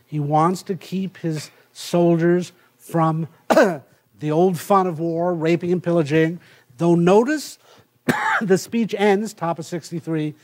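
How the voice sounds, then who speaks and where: Middle-aged guy professor lecturing, kinda high voice, lots of uhs. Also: sing-song. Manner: halting, many filler sounds and restarts; reads passages aloud from the text. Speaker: university professor. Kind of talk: university lecture.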